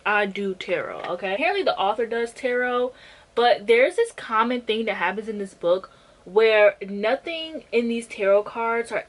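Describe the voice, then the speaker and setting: A woman's voice: medium pitch, poor audio. A young woman giving a casual rant review of a book, blunt and sarcastic and swearing freely.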